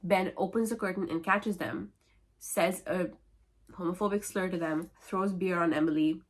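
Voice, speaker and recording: A woman's voice: on the low side, steady tone, normal speed. A woman who is a book vlogger, summarizing novels in a casual, wry and sarcastic way.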